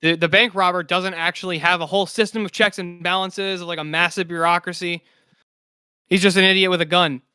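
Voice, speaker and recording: A man's voice: high-pitched, steady tone, fairly quick, bright, forceful tone, smooth, no echo, clean studio sound. A man on a streamed panel, arguing his points in casual debate and often restarting his sentences. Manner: hesitant, restarts before making his point. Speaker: panel guest.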